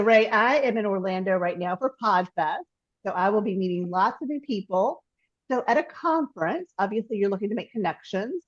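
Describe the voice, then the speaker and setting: A woman hosts a podcast, asking her guest questions in a friendly way and nodding along with short replies. Her voice has a mid pitch, and the recording is dull and dry with no room echo. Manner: friendly, affirming interjections. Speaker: podcast host. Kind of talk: interview questions.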